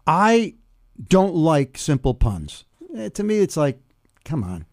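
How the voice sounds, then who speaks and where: Animated older man telling a joke. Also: on the high side. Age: 70s. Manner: animated, builds jokes slowly with pauses. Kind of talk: conversational explanation and joke telling.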